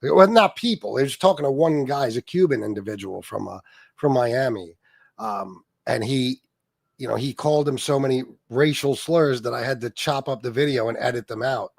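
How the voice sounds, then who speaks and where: A man's voice: mid-range voice, moderate pace, vocal fry, dry recording. A man hosting a livestream, reading chat comments aloud and commenting in a profane, mocking way. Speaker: livestream host.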